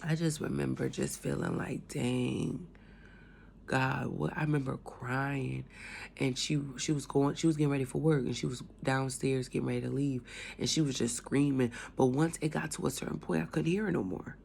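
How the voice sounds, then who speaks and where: A woman with a cold telling her faith testimony in a casual, animated way, moving between loud outbursts and hushed whispers. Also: very deep voice, moderate pace, gravelly, a little hiss or hum. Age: adult with a young son. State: has a cold, coughing. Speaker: speaker sharing her testimony.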